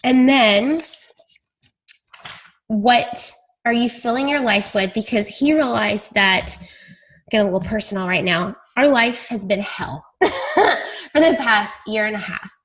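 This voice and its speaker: A woman's voice: medium pitch, unhurried, long pauses, fairly bright tone. A woman leading her team call, telling stories in a chatty, self-deprecating way. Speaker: team leader on a coaching call. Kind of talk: casual team call talk.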